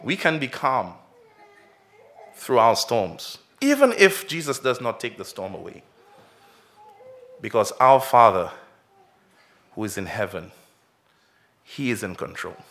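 A man's voice: mid-range voice, takes it slowly, pauses often. A man preaching a children's sermon, telling a story with big swells and drops, then asking many direct questions. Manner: expressive storytelling, swells and drops in loudness and pace. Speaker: pastor.

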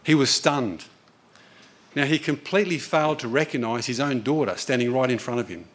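A man's voice: mid-range voice, a little fast. A man preaching a sermon, telling a story in an earnest, conversational way.

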